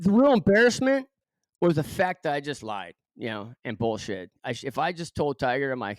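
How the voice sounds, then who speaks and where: A middle-aged man with a Southern Californian accent tells a story on a podcast in a loose, self-deprecating way, filling gaps with "like" and "you know." His voice is smooth and clear. It sits at a middle pitch in a dry, close recording. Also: no echo. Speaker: podcast guest. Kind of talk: storytelling in a casual interview.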